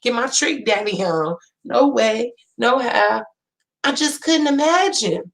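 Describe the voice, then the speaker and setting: Loud, profane Northern California woman. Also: fairly high pitch, slow pace, vocal fry. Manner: loud, profane, animated storytelling. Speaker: vlogger. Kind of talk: casual rant to viewers.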